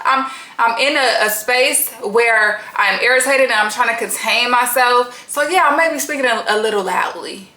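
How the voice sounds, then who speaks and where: A bright, blunt woman recapping reality TV. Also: a little high, moderate pace, echoey room. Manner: blunt, profane, frequent laughter; chatty, slangy and animated. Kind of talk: casual reality TV recap commentary.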